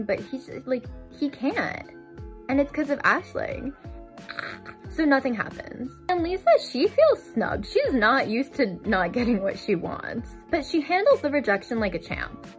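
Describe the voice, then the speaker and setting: A woman's voice: sits high, very animated, normal speed, soft background music. A woman giving a casual, chatty storytime recap of a novel, filling her talk with "like". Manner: chatty, fills with "like". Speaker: book vlogger. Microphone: desk microphone.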